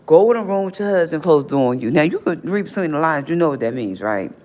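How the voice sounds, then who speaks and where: A woman's voice: deep voice, lively intonation, fast, a little mellow. A woman on a phone livestream, ranting straight at an absent person in a confrontational, scolding, repetitive way. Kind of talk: livestream rant.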